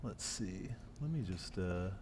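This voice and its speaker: A man giving a casual live-coding talk at a meetup, losing his voice and clearing his throat, with fillers and restarts. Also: low voice, animated, a little slow, a little mellow, a little hiss or hum. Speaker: meetup presenter. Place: meetup room.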